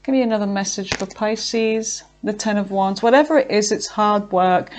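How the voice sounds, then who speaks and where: A woman giving a casual tarot reading, chatty and filled with fillers, talking to herself as she pulls cards and sometimes slowing down to draw out her words. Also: mid-range voice, slight background noise. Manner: chatty, with frequent fillers and self-talk. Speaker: tarot reader.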